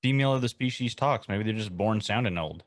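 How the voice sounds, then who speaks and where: A man's voice: lowish voice, fairly quick, no echo. A man co-hosting a casual podcast, dropping dry joking asides. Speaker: podcast co-host. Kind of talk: casual chat.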